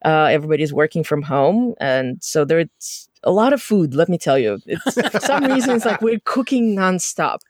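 A woman with a non-native English accent, a guest on a podcast, talking warmly and laughing often. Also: low-pitched, very animated, moderate pace, hardly any pauses, dry recording, studio quality. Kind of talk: casual podcast chat.

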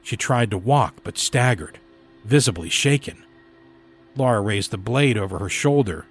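A man reading a horror story aloud in a measured, dramatic storytelling delivery. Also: on the low side, expressive, husky. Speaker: story narrator. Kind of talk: scripted horror narration.

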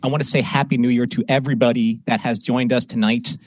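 A man's voice: medium pitch, quick pace, no echo. A man hosting a live podcast from home, chatting casually and telling a story with put-on voices, on a close, dry desk microphone. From Southern California. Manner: animated storyteller, puts on voices in anecdotes. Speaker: podcast host. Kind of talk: casual live-stream chat.

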